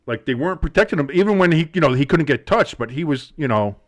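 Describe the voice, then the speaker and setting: A man with a New Jersey accent co-hosting a live sports show, talking in a rambling, excitable way with many restarts. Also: fairly high pitch, fast talker. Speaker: sports podcast co-host. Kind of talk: casual live draft chat.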